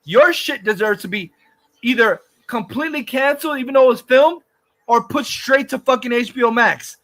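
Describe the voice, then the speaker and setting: A man's voice: extremely high pitch, normal speed, fairly bright tone. A man hosting a livestream, ranting angrily and profanely, repeating himself. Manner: furious, profane, repetitive ranting. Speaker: livestream host.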